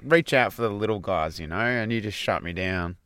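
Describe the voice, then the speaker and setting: A man's voice: fairly low pitch, fairly quick, a bit bright, clean tone, no echo. A man, co-hosting a podcast in laid-back, dry casual chat. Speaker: podcast co-host.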